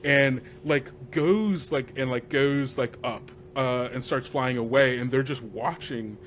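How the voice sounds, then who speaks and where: A man, a game master guest, retelling a tabletop campaign session in a lively, rambling way, often laughing and filling gaps with "like.". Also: medium pitch, slow. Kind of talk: animated storytelling recap.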